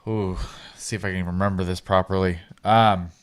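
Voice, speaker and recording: A man co-hosting a gaming podcast in casual chat, talking in a relaxed, hesitant way with fillers. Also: low voice, moderate pace, smooth. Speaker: podcast co-host.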